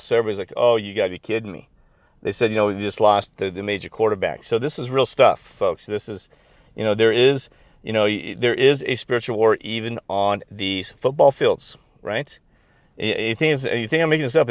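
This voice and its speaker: A middle-aged man chatting casually to camera, rambling and excitable with lots of fillers and restarts. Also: lowish voice, no echo. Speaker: video blogger. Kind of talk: casual chat.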